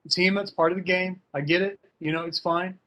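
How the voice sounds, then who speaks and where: A man's voice: high voice, fairly even intonation, brisk, bright, forceful tone. Casual, slangy man coaching fencers. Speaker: fencing coach and guest speaker. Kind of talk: online workshop talk.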